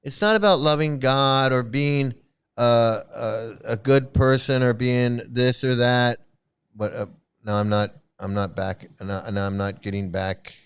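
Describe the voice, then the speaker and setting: A man's voice: medium pitch, steady tone, unhurried, clear, resonant tone. A man hosting a casual commentary video, ranting bluntly with exasperation, repeating himself and swearing freely. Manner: exasperated, repetitive, blunt and profane. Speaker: commentary channel host.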